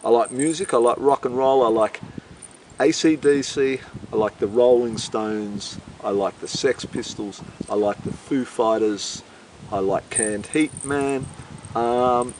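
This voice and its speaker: A man's voice: medium pitch, steady tone, a little slow, darkish tone, a little hiss or hum. Brash profane man. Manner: boisterous, swaggering and profane. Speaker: interviewee. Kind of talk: rambling casual interview talk.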